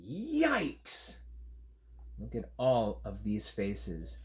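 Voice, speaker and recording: A man reading a picture book aloud to young children, chatting gently about the pictures between pages. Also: on the low side, unhurried. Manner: animated, gentle, talks to young listeners. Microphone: camera on a tripod.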